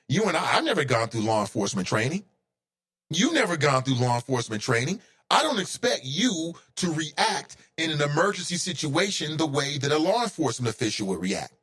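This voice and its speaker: A man rants through his own talk show, his voice sitting a bit high. He speaks with heated conviction and repeatedly rises to indignant outbursts. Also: fairly bright tone. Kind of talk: opinionated solo commentary.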